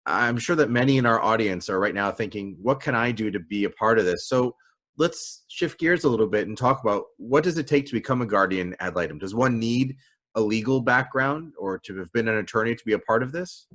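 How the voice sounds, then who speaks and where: A man's voice: medium pitch, lively intonation, a little fast, fairly bright tone. A man hosting an interview, affirming his guest and guiding the talk with questions. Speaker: interviewer, host. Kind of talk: interview host.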